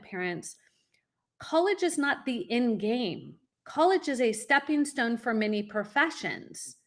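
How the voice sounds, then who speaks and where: A middle-aged woman, a college consultant, telling her story in an energetic way and speaking straight to parents as a podcast guest. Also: fairly high pitch. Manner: energetic, addresses parents directly.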